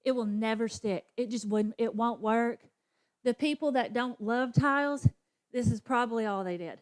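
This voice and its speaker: A woman's voice: fairly high pitch, moderate pace. Woman teacher demonstrating a phonics lesson. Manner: models classroom chants and sounds out letters. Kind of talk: professional development demonstration for teachers.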